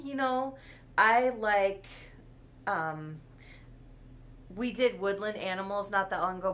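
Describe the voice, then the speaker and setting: A woman hosting her own casual vlog, talking in a loose, rambling way with frequent giggles. Her voice is bright and forward, pitched in a middle range. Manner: chatty and rambling, giggles often. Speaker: doll collector hosting her channel.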